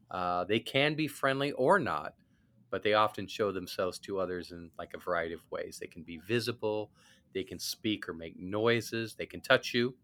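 Really deep-voiced guy w a bright crisp edge, laid back chatty, lots of ums. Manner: easygoing, lots of fillers, self-described skeptic. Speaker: podcast co-host. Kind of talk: casual chat.

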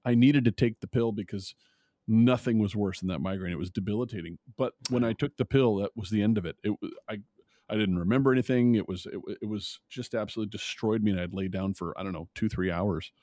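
Relaxed rambling man hosting a podcast. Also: on the low side, dry recording, clean studio sound. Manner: relaxed, rambling, quick to laugh. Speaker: podcast host. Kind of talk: casual chat.

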